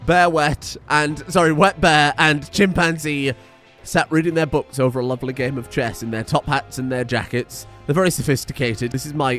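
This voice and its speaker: A young man giving excitable, chatty let's play commentary and swearing freely. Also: on the high side. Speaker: gaming streamer.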